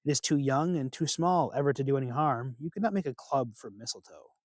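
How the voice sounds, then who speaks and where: A man voicing a proud mother goddess who calmly reassures someone her son is safe. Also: mid-range voice, fairly quick, no echo, studio quality, lightly acted. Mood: assured. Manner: assured, reassuring.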